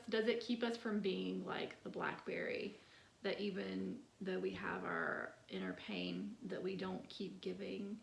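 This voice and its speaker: A woman talks over poems at an unhurried pace, her voice sitting in the middle pitch range with a rough, fry-tinged texture. She chats casually, leaning on "like" as filler. The sound carries a noticeable echo from the room around her. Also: a little hiss or hum. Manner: chatty, many "like" fillers, soft laughs. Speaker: poetry channel host. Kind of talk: casual poetry discussion.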